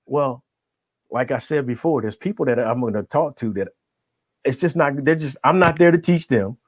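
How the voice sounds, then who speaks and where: A man's voice: mid-range voice, animated, moderate pace, dry recording. A middle-aged man, a guest coach, giving emphatic motivational talk on a podcast and checking in with his listener after each point. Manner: emphatic, keeps checking in with "right?".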